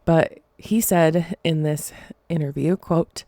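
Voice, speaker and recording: A woman's voice: on the low side, gravelly, warm tone, no room sound. A woman hosting a podcast, telling a story casually, often stumbling and apologizing. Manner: halting, apologizes for stumbling over words. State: emotional, choked up. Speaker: podcast host.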